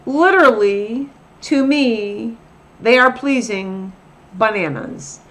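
Woman teacher going over grammar, higher voice, takes her time, repeats stuff a lot. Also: expressive. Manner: patient, repeats example phrases slowly. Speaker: Spanish teacher. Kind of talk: recorded grammar lesson.

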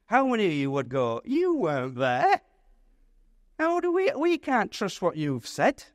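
A man, a pastor, teaching a Bible study in a lively, conversational way, putting questions to his audience. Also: on the high side, no echo, studio quality.

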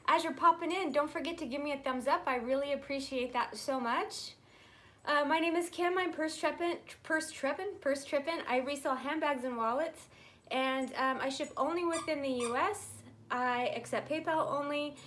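A woman hosting a casual live-stream handbag sale from a room at home. She chats in a friendly way and coos at her pets in a high voice. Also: moderate pace, a bit bright. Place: room at home in natural light, pets nearby.

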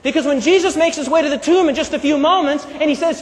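A man with a very high voice delivers an animated sermon and calls on the congregation to answer back. He is recorded in a large hall with a long, trailing reverb. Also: fairly quick, few pauses. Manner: animated, call-and-response with congregation. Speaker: preacher. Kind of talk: live sermon.

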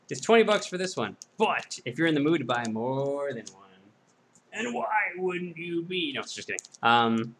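Male host, casual sales patter, mid-pitched voice, drifts into goofy self-deprecating asides. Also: a bit bright, a little hiss or hum. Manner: rambling, self-mocking jokes. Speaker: host of a card-break sales video.

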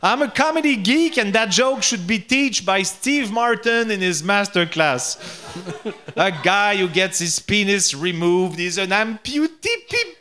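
Bright high-voiced Quebec French man joking. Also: lively intonation, slight background noise. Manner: keeps laughing at his own jokes; halting, repeats words and restarts. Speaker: comedian practicing English. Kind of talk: reading a stand-up bit aloud.

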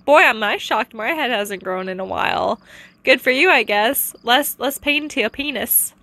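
A woman voicing a pushy girlfriend who coaxes and gushes in a lower register than her other figures. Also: normal speed, sharp tone. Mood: coaxing.

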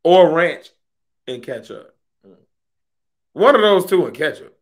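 Loud, animated podcast co-host man. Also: a little high, takes it slowly. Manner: loud, profane, jokey, exaggerating. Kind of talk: loud casual banter.

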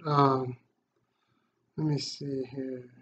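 A man hosting a fishing channel, unboxing gifts in a casual vlog, excited and full of thanks. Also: mid-range voice, extremely slow. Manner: excited, grateful, exclaiming. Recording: slightly dull lo-fi sound, faint noise.

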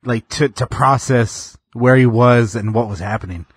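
A man in his thirties co-hosting a podcast, telling stories in a laid-back way with many fillers, often drifting quiet. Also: medium pitch, normal speed, husky, no room sound, studio quality. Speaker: podcast co-host. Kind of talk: casual chat.

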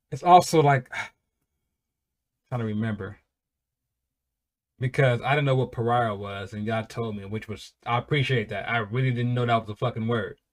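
Guy doing a music reaction vid, cusses a lot, gets loud and squeaky when he cracks up, normal mid voice. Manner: swears a lot, bursts into loud high laughing excitement. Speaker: reaction channel host.

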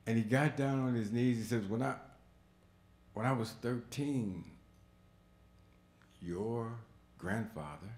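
Storyteller, male, slow deliberate delivery, bright voice, echoey hall, swings from hushed to loud. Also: deep voice, a little hiss or hum. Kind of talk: live stage storytelling. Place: museum auditorium before a live audience.

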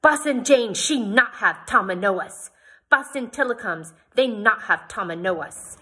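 A woman voicing a jealous chief's wife who insists loudly in broken English. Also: medium pitch, expressive, unhurried, slightly rough, pitched above the performer's own voice, heavily acted. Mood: strident.

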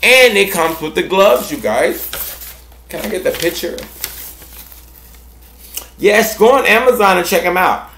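A man hosting a casual gardening vlog, gushing affectionately at his viewers and repeating himself. His gravelly voice leaps up and down in pitch. He sounds like he is in an echoey room at home. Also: animated, unhurried, long pauses, fairly bright tone, slight background noise. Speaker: gardening channel host.

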